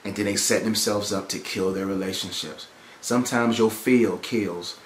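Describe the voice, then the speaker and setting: A man's voice: lowish voice, moderate pace, a little hiss or hum. A man giving a motivational teaching talk on relationships, emphatic and repetitive in a preacherly way. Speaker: relationship speaker. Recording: roomy echo.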